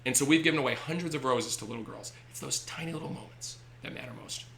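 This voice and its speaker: A man's voice: mid-range voice, fast, vocal fry, a little hiss or hum. A man, a baseball team owner, telling stories animatedly on a podcast. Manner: animated, acts out voices in anecdotes. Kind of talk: energetic storytelling on a podcast.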